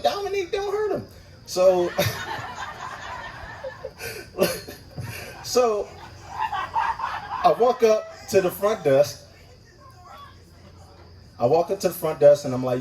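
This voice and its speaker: At a live open mic, a stand-up comic tells a profane story, animatedly acting out the voices of the people in it. His medium-pitched voice comes through a distant mic on a low-quality recording with slight background noise.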